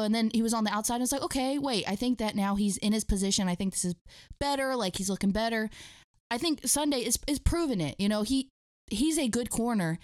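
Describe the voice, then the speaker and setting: Excitable woman, high dry voice. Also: no room sound. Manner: enthusiastic fan, rambling restarts. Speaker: sports podcast co-host. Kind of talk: casual sports chat.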